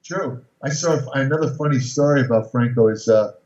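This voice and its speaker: A medium-pitched, slightly mellow male voice speaks fairly quickly as a podcast guest in his sixties rambles through casual stories, restarting often and using fillers. The sound is distant, roomy and dull.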